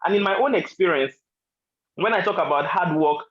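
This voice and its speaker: A man's voice: high voice, fairly quick, dull audio. A man answering as a guest, reflecting on his own work, restarting phrases as he builds each point.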